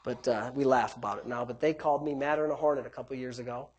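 A preacher delivering a sermon, swinging between loud emphatic bursts and quiet low asides, stretching key phrases and calling on the congregation. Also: steady tone, fast talker. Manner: repetitive, calls on the congregation.

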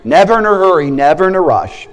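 Male preacher, lively swooping voice, slightly high, shouts praises, acts out stories. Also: fast talker. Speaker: guest preacher. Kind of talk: sermon.

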